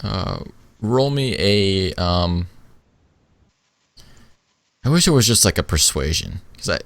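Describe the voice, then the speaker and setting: A man's voice: sits low, lively intonation, slow pace, creaky, no echo. A man narrating as game master in a casual way, with many fillers.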